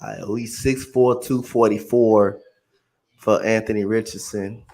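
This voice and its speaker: A man's voice: fairly low pitch, steady tone, darkish tone. Eager man calling the action. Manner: quick, eager play-by-play calls in slang. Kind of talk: casual sports chat.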